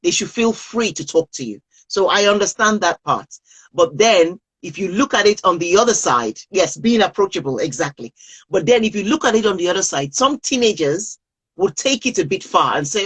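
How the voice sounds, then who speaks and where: A woman's voice: medium pitch, expressive, normal speed, fairly bright tone, husky, poor audio. A woman coaching parents on a live video call, speaking earnestly and repeating key phrases for emphasis.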